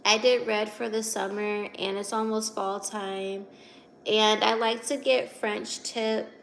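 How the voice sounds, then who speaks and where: Young woman host, unhurried and gravelly, giggly livestream chatter over faint background hiss. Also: mid-range voice, steady tone, fairly bright tone. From Virginia. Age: 20s. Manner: chatty, giggly, reads comments aloud. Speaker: livestream host reading chat. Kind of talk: casual livestream chat.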